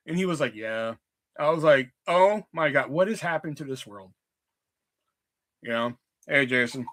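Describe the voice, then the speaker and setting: A young man hosting a livestream, telling casual stories in an animated, profane way and acting out quotes. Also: high voice, fairly quick. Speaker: livestream host. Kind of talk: casual storytelling chat.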